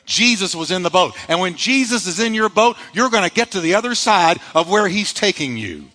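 Pastor guy preaching hard, pitch jumping all over, lots of rhetorical questions, echoey sanctuary. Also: animated, fairly quick, sharp tone. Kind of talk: sermon.

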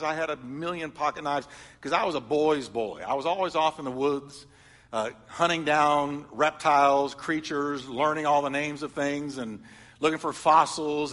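Middle-aged male pastor, sermon storyteller; bright, slightly high voice, ringing hall reverb. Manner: storytelling preacher, swings from loud emphatic lines to soft confiding ones.

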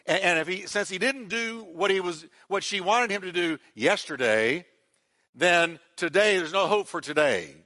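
Pastor, male, high bright voice, emphatic repetitive sermon delivery with call-and-response. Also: lively intonation, normal speed.

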